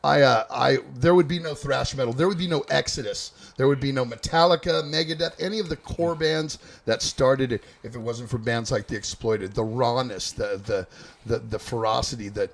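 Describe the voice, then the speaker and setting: A man hosting an interview, talking in a halting way and repeating words while he searches for them. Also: medium pitch, vocal fry. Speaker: host. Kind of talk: casual interview.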